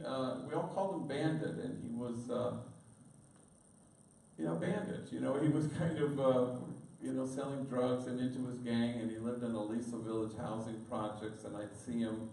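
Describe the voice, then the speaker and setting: A man's voice: medium pitch, steady tone, normal speed, mellow, a little hiss or hum. A man, a priest, giving a storytelling talk to an audience and slipping in Spanish words. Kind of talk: storytelling speech. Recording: distant echoey room recording.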